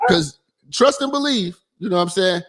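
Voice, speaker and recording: A man with a high voice and a very lively swing in pitch hosts a call-in radio show. He rants loudly and profanely, rambles from point to point, and keeps laughing at his own remarks. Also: normal speed. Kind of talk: crude call-in radio rant.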